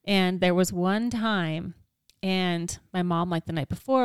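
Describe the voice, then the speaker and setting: A woman's voice: lowish voice, steady tone, normal speed, creaky, hardly any pauses, clean tone, no echo, studio quality. A woman in her thirties from Utah, co-hosting a casual chat podcast and telling stories with frequent laughter. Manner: laughs often, storytelling, self-mocking. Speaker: podcast co-host.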